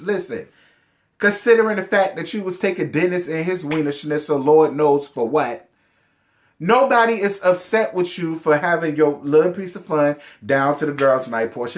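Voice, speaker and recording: A man's voice: a little high, animated, moderate pace. Sassy, blunt man recapping reality TV. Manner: sassy, blunt, profane, addresses cast members directly. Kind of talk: casual reality show recap commentary.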